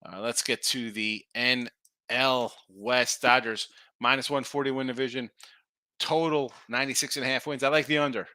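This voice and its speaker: A middle-aged man talks with a bright, forward tone, rambling casually as he hosts a live sports betting show. He wanders between thoughts and answers viewers' comments. The sound is dry and close, with no room echo. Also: medium pitch, fairly even intonation, normal speed. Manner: rambling, chatty, reads viewer chat aloud.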